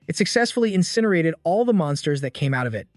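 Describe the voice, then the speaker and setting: Guy narrating a comic recap, kinda high voice, dry close sound, faint music under it. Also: big pitch swings, fast, no echo. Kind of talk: scripted story narration.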